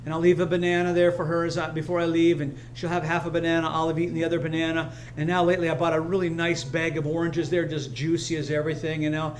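High-voiced emphatic preacher, man. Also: flat delivery, fast, hardly any pauses, slight background noise. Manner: emphatic, repetitive, personal storytelling. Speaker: pastor. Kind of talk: sermon. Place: church sanctuary, streamed live.

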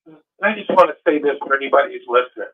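A man's voice: mid-range voice, lively intonation, racing. A man in casual conversation, telling his story earnestly and with animation. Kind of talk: casual chat. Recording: tinny phone line.

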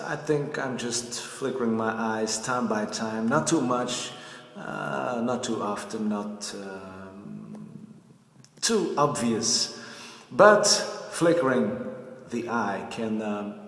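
Slow-talking man in an echoey room. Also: mid-range voice, lively intonation, a bit bright. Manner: unhurried, many fillers and pauses. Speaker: acting coach. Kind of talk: casual spoken acting tip. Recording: echoey room with long reverb.

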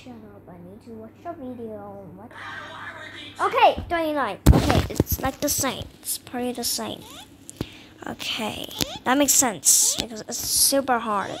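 A woman giving casual commentary while playing a game, excitable and self-mocking, with frustrated outbursts. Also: a little high, a little slow, very noisy. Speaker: gaming channel host.

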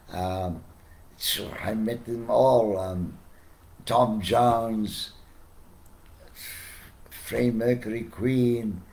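An older man with a South African accent, telling anecdotes as a podcast guest with lively, chuckling delivery. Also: on the low side, gravelly. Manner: animated, chuckling storyteller who acts out quotes. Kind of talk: casual storytelling.

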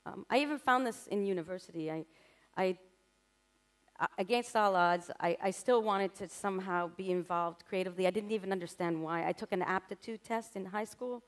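A woman's voice: medium pitch, fairly quick. A woman telling personal stories on stage in a candid, self-mocking way, laughing at herself now and then. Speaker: artist giving a talk. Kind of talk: personal storytelling lecture. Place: stage in front of an audience.

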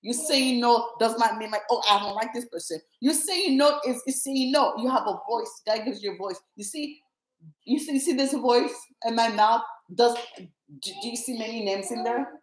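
A woman's voice: a little high, moderate pace, echoey room, poor audio. A woman preaching to viewers, emphatic and repetitive as she exhorts them and prays over them. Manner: emphatic and repetitive, rallying listeners.

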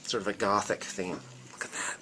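A man's voice: fairly low pitch, steady tone, brisk, noisy background. A man hosting a casual tour of a painting studio, chatty and teasing, filmed on a handheld camera. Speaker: host of a painting studio channel. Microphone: handheld camera mic.

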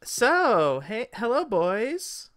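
A man's voice: extremely high pitch, wildly swooping pitch, drawn-out words, fairly bright tone, no room sound, clean studio sound, voice pushed up, heavily acted. A man voicing a flirty, teasing female elf hostess in a tabletop game, with coy, sing-song questions.

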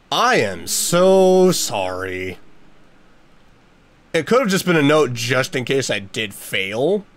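A man giving let's play commentary, jumpy and reactive, talking to the game's characters and using mild minced oaths. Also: mid-range voice. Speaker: gaming YouTuber.

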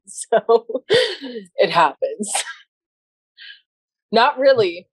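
A woman guest on a podcast in casual chat, lively, laughing often and swearing casually, recorded inside a truck. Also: fairly high pitch, drawn-out words, slightly rough, dry recording.

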